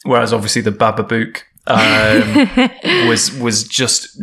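A man's voice: lowish voice, huge pitch swings, slow, vocal fry, bright, forceful tone. A man as a podcast guest, talking reflectively and searching for words. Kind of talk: casual chat.

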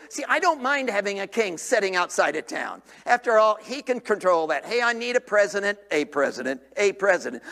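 An older man preaches a revival sermon, his voice sitting unusually high. He swings from ringing shouts down to near whispers, and the church sanctuary gives his words a long, lingering reverb.

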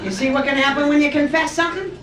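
A woman's voice: sits high, steady tone, fast talker, crowd noise, noisy background. A middle-aged woman doing a brassy, teasing stand-up routine, chatting with her audience. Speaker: stand-up comedian. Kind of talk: live bawdy stand-up routine. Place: nightclub stage with a laughing crowd. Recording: roomy live club recording, audience laughter.

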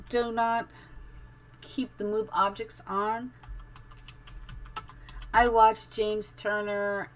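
Live-streaming a building game, a middle-aged woman keeps up a chatty, giggly commentary, thinking aloud along the way. Her voice is mid-range.

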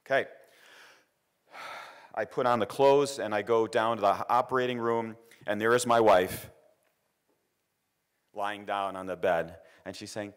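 A man's voice: fairly low pitch, steady tone, a little slow, pauses often, smooth. A middle-aged man giving an engineering lecture, telling a personal story with repeated words and acted quotes. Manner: anecdotal, repeats words, quotes others in raised voice.

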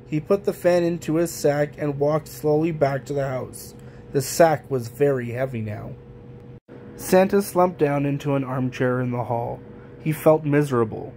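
A man reading a children's picture book aloud in a gentle, even storytelling manner. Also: fairly high pitch, normal speed, slight background noise. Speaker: storybook reader.

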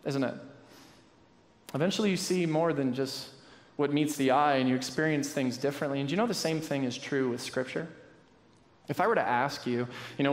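Young pastor guy telling a funny story in a sermon, higher voice, big echoey church room. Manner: storytelling, animated and self-deprecating, many fillers. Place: church sanctuary. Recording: roomy church echo.

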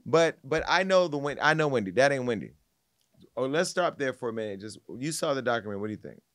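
A man's voice: mid-range voice, lively intonation, quick pace, fairly bright tone, no echo, clean studio sound. A man hosting a celebrity gossip podcast, telling stories with lots of energy and mimicking the people he quotes. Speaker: podcast host. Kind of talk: casual gossip commentary.

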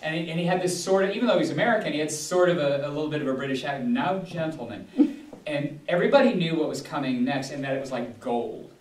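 Pastor teaching a Bible study, male, slightly high voice, digressive delivery, recorded far off in a roomy hall. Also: animated, rapid-fire, hardly any pauses. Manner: rambling, digressive, many restarts and fillers. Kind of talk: casual teaching talk. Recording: echoey room, distant mic.

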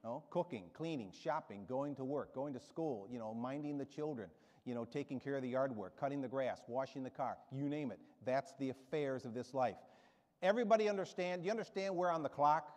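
A man's voice: mid-range voice, expressive, fairly quick, darkish tone. A man in his seventies preaching a sermon as a guest preacher, rousing and emphatic, with storytelling asides. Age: 70s. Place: church sanctuary. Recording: reverberant church hall.

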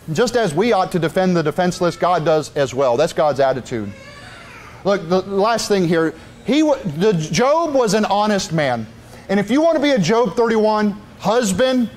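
Middle-aged male preacher, high-pitched, emphatic sermon delivery with frequent asides.

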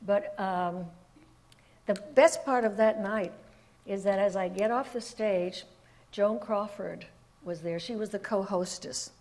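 An older woman from Puerto Rico, a guest telling lively stories in an interview and laughing often. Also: medium pitch, a little slow. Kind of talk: anecdotal storytelling in an interview.

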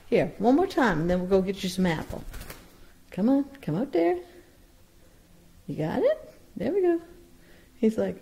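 A woman's voice: medium pitch, very animated, unhurried, gravelly, long pauses, mellow. A woman breeder talking to her baby parrot in sing-song, coaxing baby talk. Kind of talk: casual vlog talking to a pet bird.

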